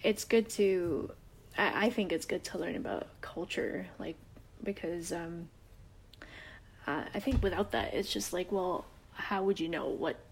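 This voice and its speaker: A woman's voice: on the low side, unhurried, gravelly, slight background noise. A woman in her thirties with a Canadian accent, chatting casually and rambling with many restarts and acted-out quotes. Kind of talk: casual chat.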